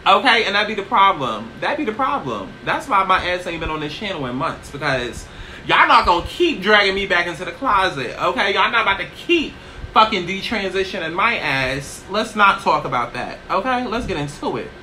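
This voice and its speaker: A woman chatting casually in a get-ready-with-me vlog, brash and profane, tossing in "okay?" constantly while seated low in a small chair. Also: big pitch swings, normal speed, sharp tone, a little hiss or hum, low-quality recording. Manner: brash, profane, sassy, keeps asking "okay?". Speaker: YouTuber.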